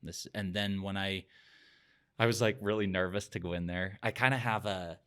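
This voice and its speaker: A man's voice: deep voice, fairly even intonation, moderate pace, fairly bright tone, clear, resonant tone. A middle-aged man, a podcast guest, telling a personal story in an earnest, reflective way. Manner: earnest, reflective, sometimes emotional.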